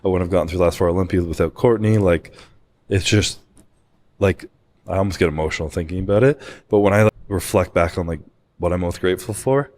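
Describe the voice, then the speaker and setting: A man's voice: low voice, quick pace, darkish tone. A young man speaking openly and emotionally as a podcast guest, telling a personal story with lots of swearing and filler words. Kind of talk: candid podcast conversation.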